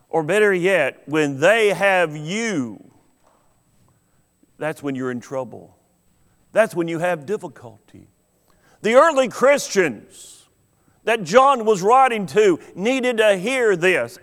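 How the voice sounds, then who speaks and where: High-voiced man, preacher, slow deliberate sermon delivery, long hall reverb. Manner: slow, deliberate storytelling with dramatic pauses. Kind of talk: sermon with an illustrative story.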